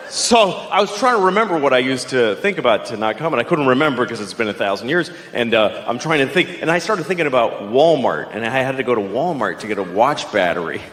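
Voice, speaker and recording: A man's voice: sing-song, fast talker, few pauses, reverberant, in a large hall. A middle-aged man doing a profane, ranting stand-up comedy set on a club stage. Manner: ranting, profane, jumps into shrill yelling bits. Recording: live set with clear audience noise.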